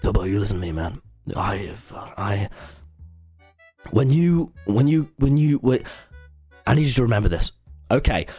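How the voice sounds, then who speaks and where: A man's voice: fairly low pitch, animated, moderate pace, long pauses, mellow, husky, dry recording, soft background music, pitched below the performer's own voice. A young man voicing a very drunk, brash American man who leans in close to lecture. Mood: lecturing. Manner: slurred, pushy, leaning in close.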